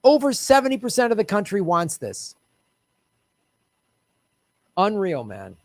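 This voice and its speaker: A man's voice: high voice, wildly swooping pitch, measured pace, no room sound. A man hosting a solo political commentary livestream, ranting in an exasperated way, swearing freely and chatting asides to his viewers.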